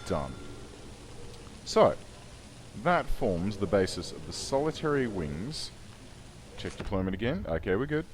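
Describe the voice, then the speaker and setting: A man's voice: fairly low pitch, big pitch swings, a little slow, pauses often, slight background noise. A man giving wry, chatty let's play commentary, often correcting himself. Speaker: gaming YouTuber.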